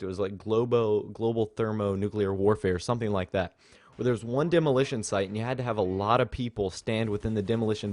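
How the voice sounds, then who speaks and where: A young man talks over his gameplay footage in a loose, rambling way, full of fillers and asides. His voice sits a little low. He sounds like a regular channel host chatting with his viewers. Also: darkish tone, dry recording. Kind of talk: gameplay commentary.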